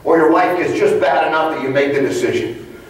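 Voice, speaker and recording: A man's voice: a little high, brisk. A man giving a motivational leadership talk to a live audience, telling stories and firing off rhetorical questions. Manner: animated storyteller, punchy rhetorical questions. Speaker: leadership trainer. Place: large conference hall. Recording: echoey hall, mic far off.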